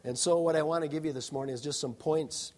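A man's voice: on the high side, fairly even intonation, fast. A middle-aged male pastor giving a sermon, conversational and humorous, often adding "all right?" to his points.

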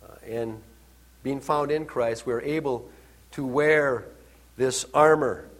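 A male pastor preaching a sermon to his congregation, repeating words for emphasis, asking them questions and swinging between quiet asides and loud, emphatic lines. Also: mid-range voice, steady tone, slow pace. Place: church service.

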